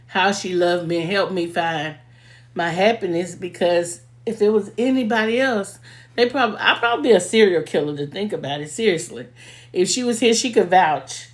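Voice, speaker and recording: A young woman, telling heartfelt, emotional stories about a late friend in a casual video, often laughing as she talks. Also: fairly low pitch. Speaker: vlogger paying tribute to a late friend.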